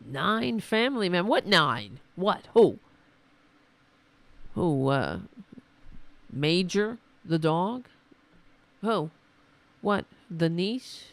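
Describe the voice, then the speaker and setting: A woman hosts a livestream, giving exasperated, sarcastic commentary in a slow, unhurried drawl. Her voice is hoarse and worn, with a gravelly rasp. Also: fairly low pitch, very animated, dry recording. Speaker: livestream host.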